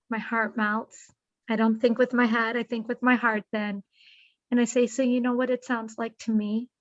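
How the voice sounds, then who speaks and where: Woman podcast guest, high voice, animated storyteller, dry and slightly dull sound. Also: no echo. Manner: acts out quoted dialogue with lively shifts in pace. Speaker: nonprofit executive, guest.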